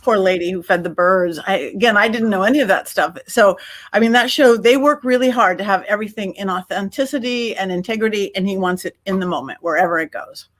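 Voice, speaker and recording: A woman guest on a podcast, telling a story in a lively, casual way and acting out her own quotes. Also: mid-range voice, brisk. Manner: animated, acts out her own quotes, many restarts. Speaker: podcast guest, psychic medium.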